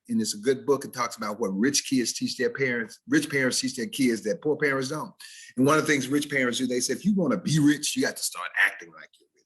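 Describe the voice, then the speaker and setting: A man with a Southern American accent lectures students over a video call. His voice is slightly husky and his delivery is animated, shifting into casual dialect to make a point before returning to careful speech. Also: medium pitch. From Southern United States. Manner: animated, switches into dialect examples for contrast. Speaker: educator teaching diction. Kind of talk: recorded video-call presentation.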